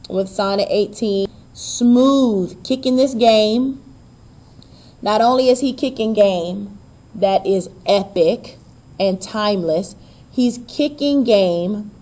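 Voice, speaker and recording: A woman teacher giving a poetry lesson, chatting to her class with self-deprecating asides and drawing out syllables to show the stress. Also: medium pitch. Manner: stretches out and stresses syllables to demonstrate rhythm. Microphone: recorded on a camera while writing on paper.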